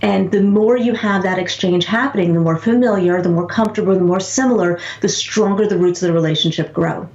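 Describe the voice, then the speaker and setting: A woman talks as an interview guest, recounting stories with animated energy and briefly acting out the voices of people she quotes. Her voice has a gravelly edge. The sound is roomy and a little dull. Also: fairly low pitch, brisk, hardly any pauses. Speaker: author and guest. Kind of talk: conversational interview storytelling.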